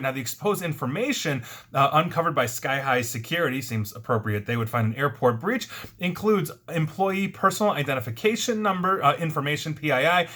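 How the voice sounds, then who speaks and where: Man, host, bright tense tone, conversational security news, quick asides. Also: mid-range voice. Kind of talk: casual news roundup.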